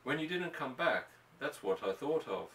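A man voicing an anxious ranch wife and mother, speaking softly and with worry. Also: medium pitch, sing-song, moderate pace, pitched above the performer's own voice. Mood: worried. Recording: roomy, distant mic.

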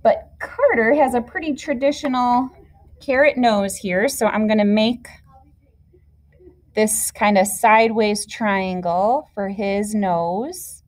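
Woman teacher, slightly high voice, slow patient explaining for little kids. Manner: patient, clear step-by-step explaining to children. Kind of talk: classroom instruction video.

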